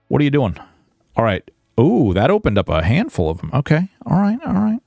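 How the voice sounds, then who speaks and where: A man's voice: mid-range voice, wildly swooping pitch, brisk, creaky, dark tone, dry recording, studio quality, soft background music. A Canadian man streaming a video game, chatting in a rambling, casual way and swearing now and then. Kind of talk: casual gaming stream chat.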